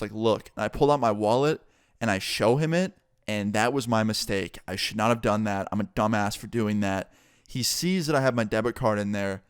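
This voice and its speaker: A young man in a casual storytime vlog, his voice smooth and resonant at a middle pitch. He talks in a relaxed, animated and profane way, close to the mic in a dry room with no echo. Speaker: vlogger.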